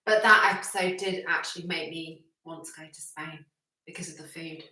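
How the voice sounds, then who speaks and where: Bright-voiced woman off-mic in an echoey room. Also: low voice, fairly even intonation, normal speed, recorded from a distance. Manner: chiming in briefly, teasing, laughing. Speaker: co-host. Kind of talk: casual live chat.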